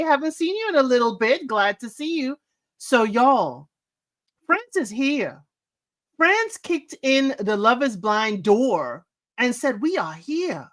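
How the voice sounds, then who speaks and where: A woman's voice: fairly high pitch, fairly bright tone. A woman hosting a casual live stream, chatting with her viewers and greeting them by name. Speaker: livestream host. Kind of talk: casual live-chat commentary.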